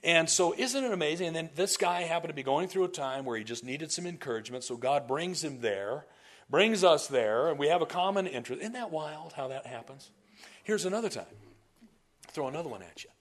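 A man preaching from the pulpit and telling stories to his congregation. His delivery is animated and conversational, full of asides and restarted sentences. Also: a little high, fairly quick. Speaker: pastor. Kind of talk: sermon storytelling.

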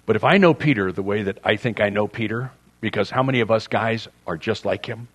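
A man's voice: on the low side, a little fast. Joking, conversational male preacher. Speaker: pastor. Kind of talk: sermon.

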